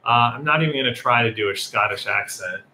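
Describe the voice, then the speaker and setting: Brief: chatty male host of a live chat, bright tone, echoey room with light hiss. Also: on the low side, quick pace. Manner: chatty, laughs often, reads viewer questions. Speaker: series co-creator and host. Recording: echoey room with faint noise.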